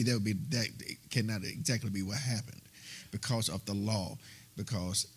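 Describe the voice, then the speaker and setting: A man taking part in a Bible study discussion, talking in a halting way and searching for his words. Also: on the low side, a bit bright, husky. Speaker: study group participant. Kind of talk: casual discussion.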